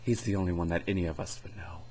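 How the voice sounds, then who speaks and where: A man's voice: sits low, fairly even intonation, quick pace, darkish tone, a little hiss or hum, low-quality recording. A young man giving a rambling, sarcastic comedy review in casual chat. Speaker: video reviewer.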